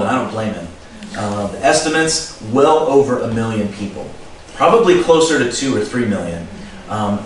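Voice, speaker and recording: A middle-aged man preaching a sermon in a relaxed, conversational way, reading scripture and adding chuckling asides. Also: fairly low pitch. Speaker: pastor. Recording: very echoey room, distant mic, faint noise.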